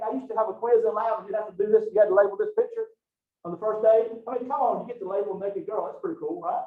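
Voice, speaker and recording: A middle-aged man teaching an anatomy class, joking and telling folksy stories. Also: high-pitched. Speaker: anatomy instructor. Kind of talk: classroom lecture. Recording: far-off, echoey, phone-like lecture recording.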